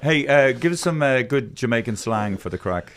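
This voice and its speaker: A man's voice: medium pitch, animated, normal speed. A man in his fifties hosting a podcast, wry and joking, with hesitant starts. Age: 50s. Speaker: podcast host. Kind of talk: casual podcast chat.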